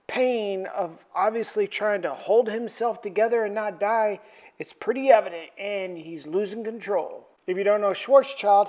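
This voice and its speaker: A woman's voice: medium pitch, a little mellow. A woman hosting a comic book review channel, recapping an issue in a chatty, rambling way full of slangy asides.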